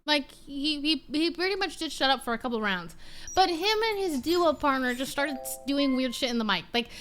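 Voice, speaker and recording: A woman's voice: high voice, animated, moderate pace, a bit bright, faint music behind. A young woman streamer chatting casually, telling a story as a rant and swearing freely. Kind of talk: casual chat.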